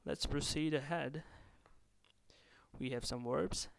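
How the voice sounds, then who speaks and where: A man's voice: mid-range voice, takes it slowly, vocal fry. A man teaching a beginners' language lesson, explaining patiently and repeating words for learners to copy. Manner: explains in English and Hindi-Urdu, drills words by repeating them loudly. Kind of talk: recorded vocabulary lesson.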